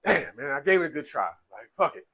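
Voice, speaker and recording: A man's voice: on the high side, big pitch swings, quick pace, sharp tone, slightly rough, poor audio. A man in casual, slangy conversation, telling an emotional personal story through tears, with many restarts. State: tearful. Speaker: speaker sharing his life story.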